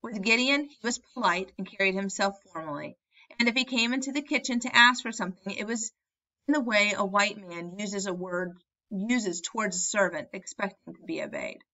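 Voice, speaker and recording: Woman reading an audiobook, measured and expressive, bright voice, kinda dull lo-fi sound. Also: medium pitch. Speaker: audiobook narrator.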